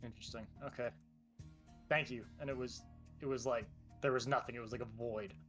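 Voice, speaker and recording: A man's voice: mid-range voice, steady tone, fairly quick, fairly bright tone, soft background music, lightly acted. Polite young scavenger, stammering and hesitant , as a man plays him in a tabletop game.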